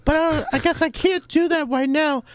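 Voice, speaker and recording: A man's voice: very high-pitched, fairly even intonation, a little fast, no echo. A man co-hosting a casual chat show, sick and with a strained, lost voice, joking at his own expense. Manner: self-mocking, joking. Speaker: podcast co-host.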